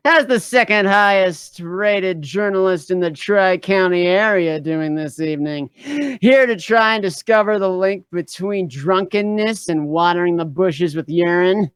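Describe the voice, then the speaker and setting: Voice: medium pitch, measured pace, few pauses, clear, resonant tone, no echo, close to an everyday voice. A reader voicing a wisecracking male lead in a live fan fiction read-through, sarcastic with some hesitations. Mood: wry.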